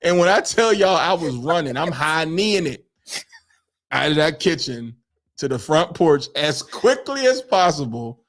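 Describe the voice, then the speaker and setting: Animated man telling a funny story. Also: on the high side, measured pace. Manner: animated, acts out quotes, laughs often. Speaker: podcast co-host. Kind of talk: casual storytelling chat.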